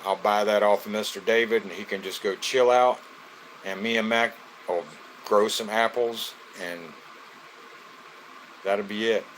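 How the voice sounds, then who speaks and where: A man's voice: on the low side, fairly even intonation, measured pace, long pauses, fairly bright tone, slight background noise. A man, from Florida, hosting a casual live stream, greeting viewers by name in a loose, joking way.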